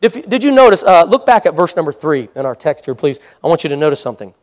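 Pastor, male, high voice; chatty sermon with amen calls and laughs. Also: sing-song, quick pace.

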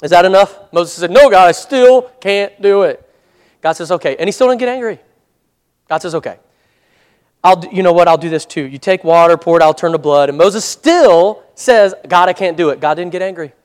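A man preaching a sermon in a conversational way, often asking the congregation for an amen and reading scripture slowly. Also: high-pitched, clean tone. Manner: reads scripture slowly and deliberately. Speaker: pastor.

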